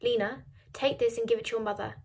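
A woman reading aloud as a worn-out middle-aged father who gives calm, hushed instructions. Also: fast talker, creaky, slightly rough. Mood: hushed urgent. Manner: low and hushed, firm instructions.

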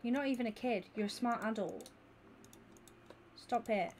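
A woman, chatting casually and excitably with viewers during a gaming stream. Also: medium pitch, normal speed, long pauses, soft background music. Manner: excitable and gushing, chatting with viewers while she plays. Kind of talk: casual live-stream chat.

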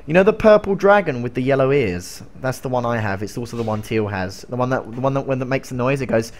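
Young male streamer, lively rambling chatter. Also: mid-range voice, fast, background noise. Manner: rambling, joking, coughing between lines. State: strained voice. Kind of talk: casual game commentary.

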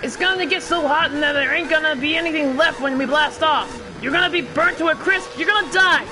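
A woman voicing a hot-tempered male rocket captain from a video game, yelling crude, impatient lines. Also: high-pitched, fairly quick, music in the background, natural voice, poor audio. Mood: angry.

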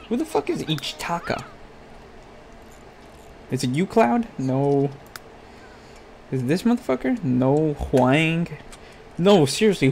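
Slight background noise sits under this gaming YouTuber's somewhat high, slightly mellow voice. Cursing nonstop, he berates his in-game character throughout his crude Let's Play commentary.

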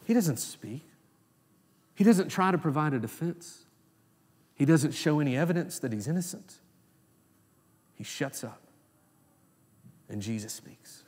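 Male pastor, pitch a touch high, dynamic delivery dropping hushed then rising to exclamation; long church-hall reverb. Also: lively intonation, measured pace, long pauses, slightly rough. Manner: dynamic preaching, swinging between hushed low lines and raised exclamations. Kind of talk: sermon. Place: church sanctuary.

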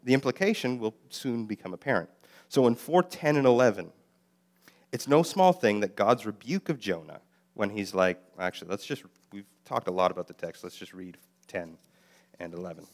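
A man's voice: on the low side, moderate pace. A man preaching a sermon as a guest speaker, explaining the Hebrew text with fillers and self-corrections and quoting lines in a livelier voice. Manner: voices God and Jonah in lively quoted lines.

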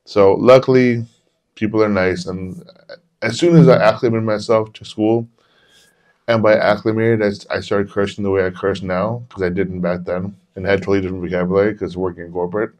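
A man's voice: on the low side, fairly even intonation, a little fast, darkish tone. A man in his forties hosting a podcast, who tells candid, rambling personal stories and swears freely. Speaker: podcast host. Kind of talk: casual storytelling chat.

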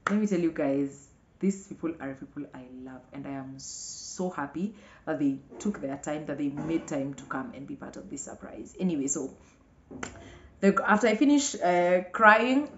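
Young Kenyan woman, vlogger, lower voice, lively storytelling in a roomy, muffled recording. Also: slight background noise. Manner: animated, acts out others' lines with big pitch jumps. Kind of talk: casual storytelling to camera. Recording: echoey room, muffled lo-fi sound.

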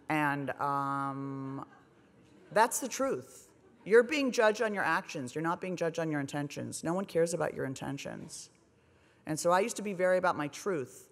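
A woman's voice: sits low, moderate pace. Wry self-mocking woman in a hall. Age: 40s. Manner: self-deprecating, wry, animated. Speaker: speaker. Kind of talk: comedic speech at a gala. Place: large hotel ballroom on stage.

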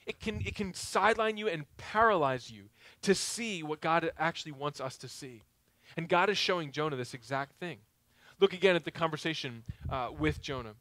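A male pastor preaching a sermon in a conversational way, with joking asides, swinging between loud and quiet. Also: a little high, animated, normal speed, no echo.

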